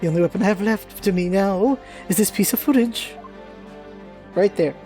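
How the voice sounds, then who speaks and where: Formal male prosecutor , read by a woman, measured delivery, mellow tone, faint music underneath. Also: medium pitch, lightly acted. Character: confident male prosecutor investigating a case. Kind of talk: reading game dialogue aloud.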